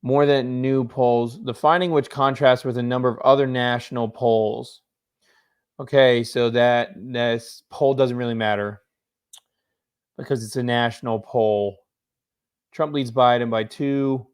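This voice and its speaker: A man doing casual political commentary, reading news articles aloud and breaking off with low-key reactions and asides, yawning now and then. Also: fairly even intonation, measured pace, smooth.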